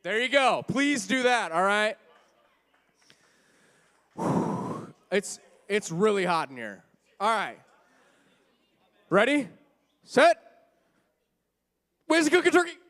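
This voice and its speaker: High-voiced man hosting a rowdy game. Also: very animated, slow pace, long pauses. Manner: playful, teasing, bursts of shouting. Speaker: youth group game host. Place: crowded church room.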